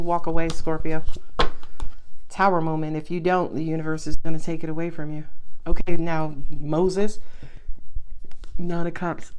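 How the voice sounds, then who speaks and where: A woman's voice: fairly low pitch, slight background noise. A woman giving a casual tarot reading to her viewers, talking bluntly and chattily and laughing often. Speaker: tarot reader.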